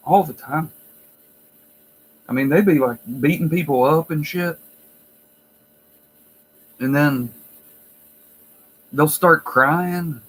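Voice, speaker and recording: A man's voice: fairly high pitch, a bit bright, poor audio. A man who works in a nursing home, telling stories in a blunt, profane, wry way. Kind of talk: casual storytelling vlog.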